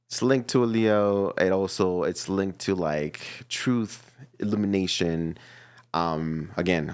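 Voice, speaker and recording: A man giving a casual, playful tarot reading to his viewers, chatty and quick to laugh. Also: sits low, vocal fry, no echo, clean studio sound. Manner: chatty and playful, laughs often, repeats himself. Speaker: tarot reader.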